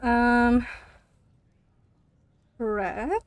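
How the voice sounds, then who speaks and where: A young woman streamer chatting casually while she plays, ranting about things and laughing as she goes. She talks slowly with a slightly high voice and swears freely. The sound is dry and close on a desk mic. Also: no echo. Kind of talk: casual chat while gaming.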